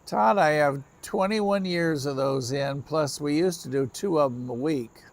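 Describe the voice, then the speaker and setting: A man's voice: a little high, measured pace. A tired middle-aged man, chatting casually to viewers of his trackside livestream at night. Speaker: railfan livestream host. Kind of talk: casual live-stream chat to viewers. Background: crickets and insects chirping.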